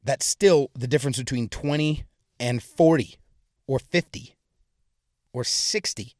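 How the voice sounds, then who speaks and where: A man's voice: mid-range voice, a little slow, darkish tone, no room sound, clean studio sound. A young adult man hosting a podcast, delivering a crude, profane, heated rant. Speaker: podcast host. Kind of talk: crude solo comedic rant.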